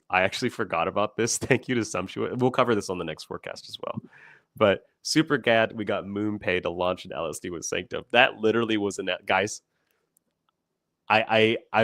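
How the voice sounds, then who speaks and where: Deep-voiced young man rambling on a livestream. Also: moderate pace, fairly bright tone, no room sound, studio quality. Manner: rambling, many fillers and restarts, laughs often. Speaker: company founder hosting a livestream. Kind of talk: casual livestream talk.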